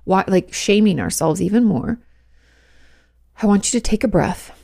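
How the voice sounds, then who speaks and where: On her podcast, a woman therapist shares frank, easygoing advice, talking loosely and using "like" as frequent filler. Her medium-pitched voice holds a steady gravelly fry at a normal speed.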